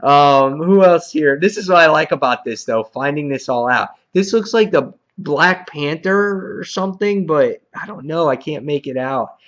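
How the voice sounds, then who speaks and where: A man's voice: fairly high pitch, expressive, moderate pace, few pauses, fairly bright tone, muffled recording. A man giving a casual, rambling comic book review, full of fillers and chuckles. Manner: rambling, many fillers, laughs while recounting scenes.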